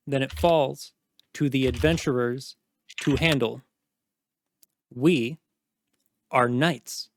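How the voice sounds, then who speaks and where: A man's voice: mid-range voice, no echo, close to an everyday voice. A man playing a cold, stern knight commander. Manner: cold, condescending, threatening.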